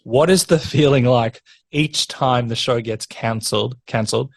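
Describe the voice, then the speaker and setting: A man's voice: mid-range voice, normal speed, creaky. A man hosting a podcast interview, eager and rambling in his questions, often laughing. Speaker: podcast host. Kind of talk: interview chat.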